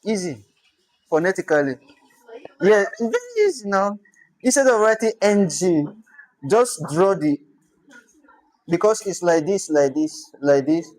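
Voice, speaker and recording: Slow, careful Nigerian-accented language teacher. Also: mid-range voice, very animated, darkish tone, rough recording. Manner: slow, repeats words for careful pronunciation. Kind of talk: informal language lesson.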